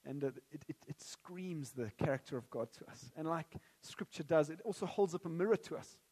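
Man, preacher, sermon, high voice, long hall reverb. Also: brisk, slightly rough. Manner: jokey and animated at first, then earnest and prayerful.

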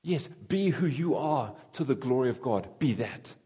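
A man preaching a conversational sermon to a congregation, animated and repetitive, with sudden jumps in pitch. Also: normal speed, husky.

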